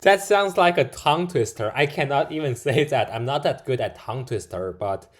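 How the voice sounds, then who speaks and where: A man's voice: mid-range voice, expressive, moderate pace. Indignant man reacting to a clip. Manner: indignant, plain-spoken, with slips and restarts. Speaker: video reactor. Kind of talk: casual commentary over a news clip.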